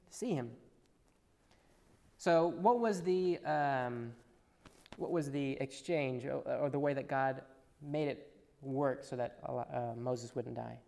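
A man preaching a sermon, swinging between loud emphatic passages and hushed asides. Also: mid-range voice, slow pace, creaky, pauses often. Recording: long reverb in a large hall.

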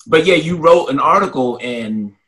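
A man's voice: a little high, animated, moderate pace, fairly bright tone. Upbeat, inquisitive male podcast host. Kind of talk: casual interview chat.

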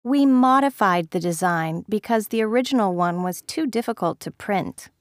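A woman's voice: medium pitch, lively intonation, normal speed, dry recording, studio quality. A woman reading vocabulary example sentences for a lesson, conversational and informative.

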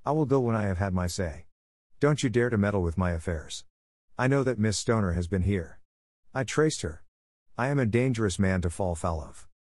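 A huge, menacing old doctor blusters and snarls, as a man puts him on. His voice is raised a little above the reader's low voice, and the sound stays dry. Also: animated, moderate pace, a little mellow, dry recording. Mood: furious.

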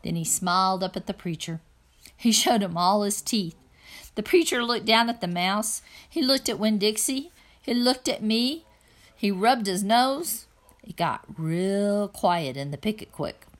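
A woman reading a children's novel aloud in an even, plain first-person narration. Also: medium pitch, measured pace. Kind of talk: read-aloud storytelling.

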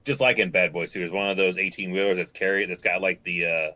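A man's voice: deep voice, steady tone, fast talker, sharp tone. A man co-hosting a podcast in casual chat, spinning out long scenarios and swearing. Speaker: podcast co-host.

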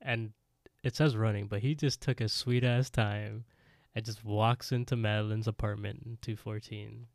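Male co-host, casual recap, animated storyteller; low voice, dry close sound. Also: moderate pace, no room sound. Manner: animated storytelling, laughs often. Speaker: podcast co-host.

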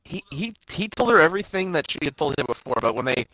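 A man's voice: on the high side, sing-song, quick pace, sharp tone, no echo. A man co-hosting a casual movie review podcast, retelling the plot with quoted lines and loose swearing. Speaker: podcast co-host.

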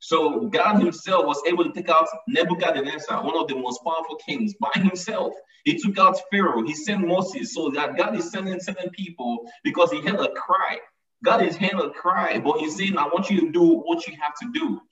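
A man's voice: fairly high pitch, moderate pace, fairly bright tone. Man preaching from far off in an echoey room. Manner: emphatic, repeats lines for stress. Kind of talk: sermon. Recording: echoey, distant, dull sound.

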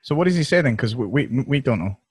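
A man's voice: mid-range voice, quick pace, breathy edge, no room sound, studio quality. A man hosting a podcast, teasing his guest in casual banter. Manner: teasing, excitable. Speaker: podcast host. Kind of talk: casual chat.

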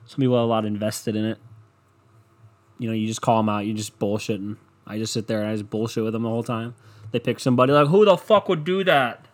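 A man's voice: lowish voice, little pitch movement, fast talker. Profane young man ranting on a podcast. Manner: profane, mocking, laughs at his own jokes. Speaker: podcast host. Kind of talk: casual solo podcast rant.

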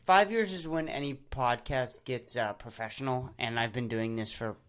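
A man's voice: mid-range voice, normal speed, fairly bright tone, smooth. A man hosting a podcast with his friends. He teases them with crude jokes in loose, casual chat. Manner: teasing, crude, joking. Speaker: podcast host.

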